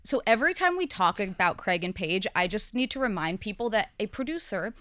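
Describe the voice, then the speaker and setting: A woman's voice: mid-range voice, very animated, fairly quick, pushed and bright, dry recording, studio quality. A woman in her thirties, a talk show co-host speaking candidly in a casual podcast conversation, with frequent fillers. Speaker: co-host and guest.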